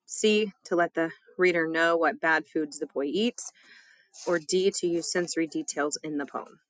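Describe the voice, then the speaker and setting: Casual teacher reading a test aloud. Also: female voice, sits low, normal speed. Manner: casual, chatty, with small laughs.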